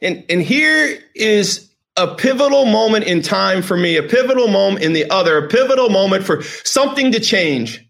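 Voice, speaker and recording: A man's voice: sits high, expressive, moderate pace, few pauses, a bit bright. A middle-aged man hosting a vlog, telling a personal story with emotion, rambling and repeating phrases for emphasis. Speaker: host.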